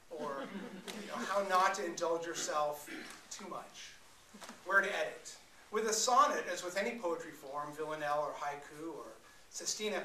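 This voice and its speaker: A male poet performs live, explaining verse with playful energy and quick jokes aimed at the audience. His voice sits high and rings very bright. The recording catches him in an echoey room from a distance. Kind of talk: live poetry performance talk. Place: live venue before an audience. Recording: echoey room, mic far off.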